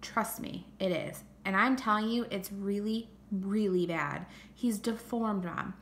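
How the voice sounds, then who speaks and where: A woman's voice: mid-range voice, measured pace, slight background noise, lightly acted. A woman voicing a blunt, exasperated middle-school boy in a storybook reading. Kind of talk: audiobook character reading.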